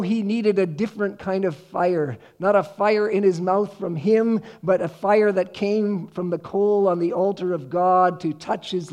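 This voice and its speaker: A man preaching a sermon, earnest, slowing down to read scripture with emphasis. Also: sits high, darkish tone. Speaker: pastor.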